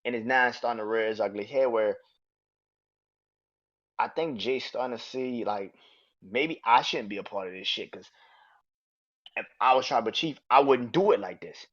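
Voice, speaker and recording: Profane, excitable man with a muffled sound. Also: mid-range voice, normal speed, long pauses. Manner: excitable, profane, laughs often. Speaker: podcast host. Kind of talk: casual wrestling review.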